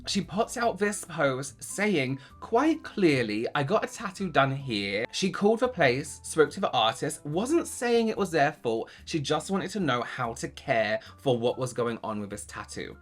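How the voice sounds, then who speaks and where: A man's voice: on the high side, very animated, a little slow, few pauses, faint music behind. A man hosting a reaction video, giving sarcastic commentary on social media posts and reading them aloud.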